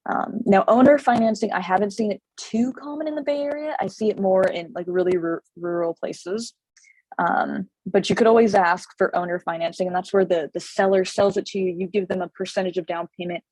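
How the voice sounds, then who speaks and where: A woman realtor with a slightly hoarse voice and a Californian accent, chatting casually with many fillers and restarts. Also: mid-range voice, a little fast, a little mellow, no echo, poor audio. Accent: Californian English. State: slightly hoarse, losing her voice. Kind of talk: casual explainer video.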